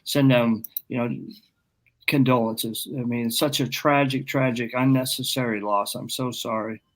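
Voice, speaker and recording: A man with an Ohio accent hosting a livestream chat, speaking haltingly and repeating his words. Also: medium pitch, fairly even intonation, low-quality recording. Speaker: show host.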